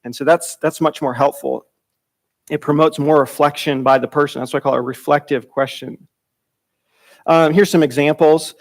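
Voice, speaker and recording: A man with a fairly high voice teaches a church Bible class. His delivery is loose and conversational, with repeated words and restarted phrases. He jumps up in pitch when he acts out quoted dialogue. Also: fairly even intonation, normal speed.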